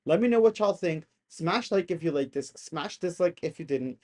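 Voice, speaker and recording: A YouTube host giving excited, casual commentary on videos, chatty and easily worked up, saying "y'all". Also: mid-range voice, moderate pace. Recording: noticeable background noise.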